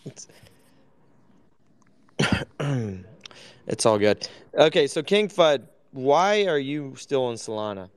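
Man, clear smooth voice, blunt offhand host, casual chat. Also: medium pitch, very animated, takes it slowly, long pauses.

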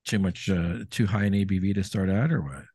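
A man's voice: sits low, fairly quick, a little mellow, breathy edge, no echo. A man hosting a podcast from a brewery taproom over a laptop video call, chatting casually over beers with lots of fillers and restarts. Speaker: podcast host.

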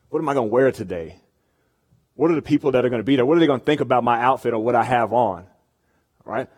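A man's voice: medium pitch, darkish tone. A young man giving a casual sermon to college students, conversational and often checking in with the room. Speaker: campus ministry speaker. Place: meeting room with an audience.

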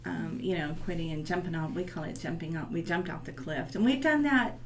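A woman's voice: lowish voice, expressive, brisk. A woman, a co-founder guest, speaking earnestly and reflectively in a casual interview. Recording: distant mic with faint ambient noise.

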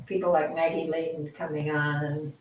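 An older woman answering a fan's question graciously at a convention, pausing to search for names. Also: low-pitched, flat delivery, slight background noise. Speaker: actress answering a fan question. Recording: roomy, distant mic.

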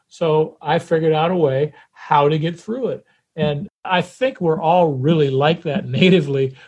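A man's voice: on the high side, darkish tone, husky. A man as a guest on an interview podcast, talking reflectively about his past. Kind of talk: conversational interview.

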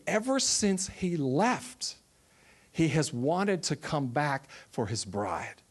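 A man who runs a ministry, telling a personal testimony in a sermon and acting out the voices of the people he quotes. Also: medium pitch. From Texas. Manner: storytelling, animated, acts out quoted voices.

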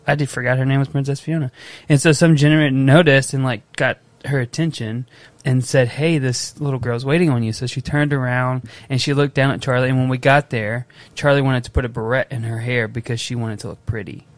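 A young man on a casual podcast, an emotional, animated storyteller who acts out his little daughter's lines. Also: medium pitch, a little fast, no room sound. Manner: emotional, tears up easily. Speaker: podcast co-host. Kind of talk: casual chat.

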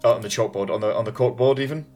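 A man's voice: mid-range voice, very fast, a little mellow, faint music behind. Rambling male game master. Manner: rambling, with many fillers. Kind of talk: narrating a tabletop game.

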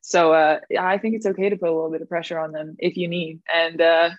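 A young adult woman telling stories on a podcast, lively, laughing often and acting out the quotes in her stories. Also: sits low, fast, no room sound. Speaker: guest, former pro volleyball player. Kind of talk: casual podcast storytelling. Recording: dull lo-fi dry podcast audio.

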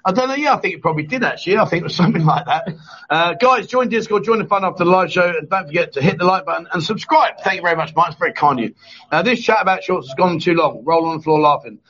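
A man's voice: high voice, quick pace, fairly bright tone, lo-fi sound. A man hosting a casual live chat show, joking and teasing his co-host.

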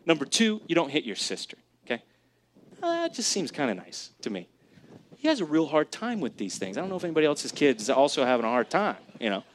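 A man's voice: fairly high pitch, wildly swooping pitch, fast, slight background noise. A man in his thirties preaching a sermon in church, conversational and emphatic, often asking the congregation questions. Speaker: pastor. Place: church sanctuary.

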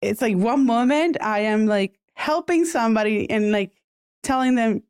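A woman from Puerto Rico talking casually as a podcast guest, chatty and quick to laugh. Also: a little high, darkish tone, smooth, no echo, studio quality. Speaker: podcast guest, bilingual content creator. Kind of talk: casual interview chat.

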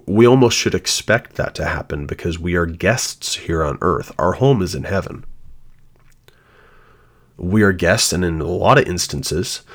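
A man with a deep, low-pitched voice talks through scripture on his podcast. His delivery is earnest and reflective, moving into personal testimony with sincerity. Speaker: podcast host. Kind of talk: devotional podcast talk.

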